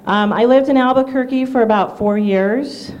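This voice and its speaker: A woman's voice: fairly high pitch, moderate pace, a little mellow, low-quality recording. A nervous, shaking woman giving a tribute speech, hesitant with fillers, then reading a letter. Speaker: speaker at a tribute event.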